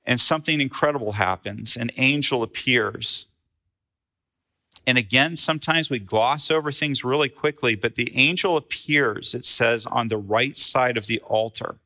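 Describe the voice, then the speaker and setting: A man's voice: medium pitch, normal speed, sharp tone. A male pastor preaching a sermon in a conversational, storytelling way.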